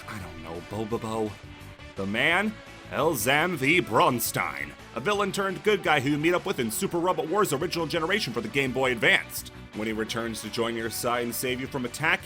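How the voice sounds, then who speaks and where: A man's voice: on the high side, pushed and bright. A man hosting a comedic video essay, narrating with sarcastic, jokey asides.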